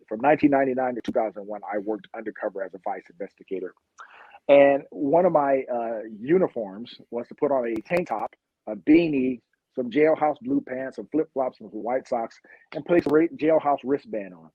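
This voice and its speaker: A police officer from Long Beach, California, appears as a podcast guest, bluntly and passionately telling stories from the street. His mid-range voice has a breathy edge. The sound is dry with no echo, and the highs are cut off.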